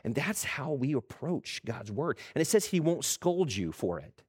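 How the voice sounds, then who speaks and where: Middle-aged male pastor delivering a sermon, very lively pitch, animated, acts out quoted voices. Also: normal speed, breathy edge.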